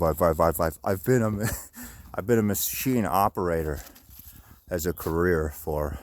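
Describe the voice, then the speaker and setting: A middle-aged man rambling on a phone vlog, swearing often and restarting his sentences. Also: very deep voice. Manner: rambling, profane, lots of restarts and fillers. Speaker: vlogger. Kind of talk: casual rambling monologue. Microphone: handheld phone.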